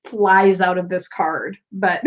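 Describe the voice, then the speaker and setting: A woman's voice: on the low side, fairly even intonation, slow. Bubbly American woman, lo-fi stream. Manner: bubbly, giggly, reads viewer comments aloud. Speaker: tarot livestream host. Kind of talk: casual live-stream chat.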